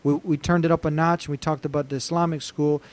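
A man's voice: a little high, flat delivery, fast talker. A man hosting a talk show, asking questions and speaking in an emphatic, preacherly way. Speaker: host. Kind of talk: interview hosting.

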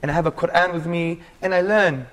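A man's voice: on the high side, brisk, fairly bright tone. A man in his forties from England, earnestly telling his life story as a guest in a casual interview and calling the host bro.

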